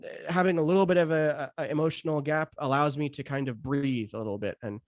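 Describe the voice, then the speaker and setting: A man's voice: on the high side, quick pace, no echo. Hesitant American man, dry sound. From United States. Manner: hesitant, many restarts and fillers. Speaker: stand-up comedian guest. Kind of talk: casual podcast conversation.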